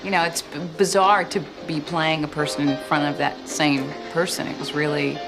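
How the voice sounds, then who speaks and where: An actress in an interview, speaking thoughtfully with pauses. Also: female voice, sits low. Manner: thoughtful, hesitant. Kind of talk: interview reflection. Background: music.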